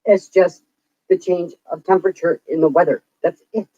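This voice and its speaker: A woman's voice: fairly low pitch, fairly even intonation, normal speed, warm tone, no echo. A woman vlogger venting in casual chat, swearing freely as she rants. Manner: profane, venting rant. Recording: dull, dry lo-fi recording.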